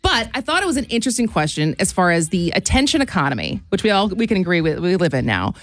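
A woman's voice: on the low side, sing-song, fast, no echo. A woman co-hosting talk radio, opinionated and blunt in casual chat.

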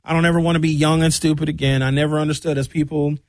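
A man's voice: a little high, very fast, no echo. A man, talking in a casual monologue and acting out voices as he tells stories. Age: 50s. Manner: animated storytelling with shouted impressions.

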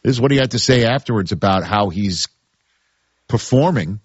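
A low, husky-voiced man with a New York accent hosts a sports talk show, his delivery swinging up and down with emphatic, repeated points. The sound is dry and a touch muffled, as from a radio studio. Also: animated, normal speed, dry recording.

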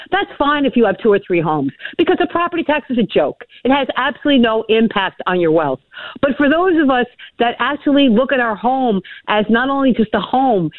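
A woman's voice: on the high side, dry recording. A woman from New Hampshire calling in as a political guest. She tells long, digressive stories, laughs often and repeats words as she starts her sentences. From New Hampshire, USA. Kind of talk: chatty storytelling and political commentary. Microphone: telephone. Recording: tinny phone line, dry.

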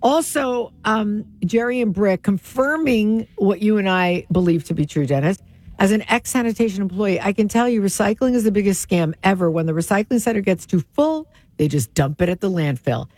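A woman co-hosting a radio show, chatting casually with jokey, quick asides. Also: medium pitch, lively intonation, a little mellow, dry recording. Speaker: radio co-host.

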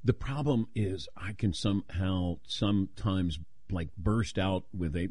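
A man hosting a sports call-in radio show, self-deprecating and quick to laugh. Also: low voice, warm tone, breathy edge, no echo, clean studio sound.

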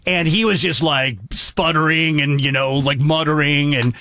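Male host, 50s, casual storyteller, slightly high pitch, dry close mic. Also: moderate pace, dry recording. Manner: animated, acts out both sides of a phone call. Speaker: radio show host.

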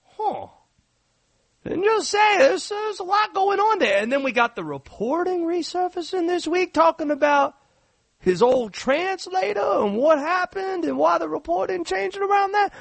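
A man putting on a loud Cajun conspiracy guy. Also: animated, unhurried, vocal fry, no room sound, heavily acted. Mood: suspicious. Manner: loud, high-pitched, rambling hot takes. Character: excitable conspiracy-minded Cajun sports fan man. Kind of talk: sports radio bit.

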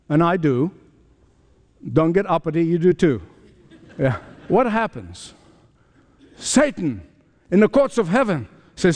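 Preaching in a large hall, this pastor has a high-pitched, slightly mellow voice. He speaks emphatically and prompts the congregation to fill in the ends of his sentences.

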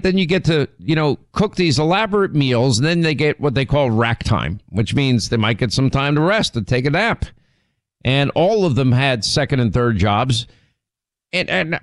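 A middle-aged man hosting a talk show, telling long, meandering stories with frequent restarts. He teases his co-host playfully and his voice jumps up in pitch when he gets worked up. The sound is dry and close. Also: dry recording. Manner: rambling, teasing, animated storyteller with many restarts. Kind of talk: casual on-air storytelling.

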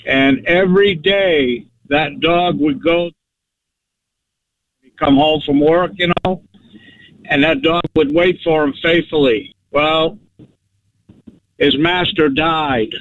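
A man's voice: fairly high pitch, slow, long pauses, no room sound. Eager rambling male radio caller. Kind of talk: phone call to a radio show. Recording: dull phone line with faint noise.

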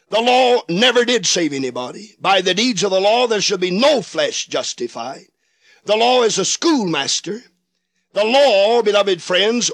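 High-voiced emphatic male preacher. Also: fairly bright tone, no room sound. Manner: old-fashioned preacher cadence, drawn-out emphatic phrases, acts out quoted voices. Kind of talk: sermon.

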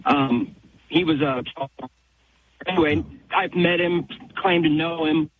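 A man's voice: fairly high pitch, takes it slowly, slight background noise. Man in his forties calling in on a tinny phone line. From Ohio, USA. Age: 40s. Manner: friendly, eager. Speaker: caller. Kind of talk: casual call-in chat.

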